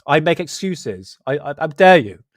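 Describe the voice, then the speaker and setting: West country bloke hosting a stream, jokey and sweary, dry close sound. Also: male voice, on the high side, very animated, normal speed, no room sound. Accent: West Country English. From Southwest England. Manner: joking, sweary, self-mocking banter. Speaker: livestream host. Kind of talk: casual livestream chat.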